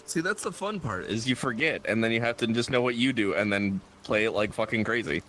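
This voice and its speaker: A man's voice: fairly low pitch, lively intonation, fairly quick, fairly bright tone, slight background noise. A man chatting casually, joking, teasing and swearing while playing a game. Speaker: player in a social deduction game. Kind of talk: casual chat.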